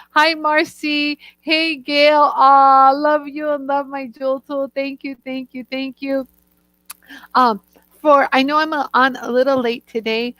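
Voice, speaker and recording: A woman's voice: on the high side, a bit bright, no echo. A woman hosting a live-stream Q&A, bubbly and gushing, greeting viewers by name. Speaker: host and product inventor.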